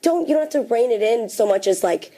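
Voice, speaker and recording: A woman's voice: on the high side, lively intonation, fast talker, dark tone. Sardonic woman panel guest. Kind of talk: casual panel discussion.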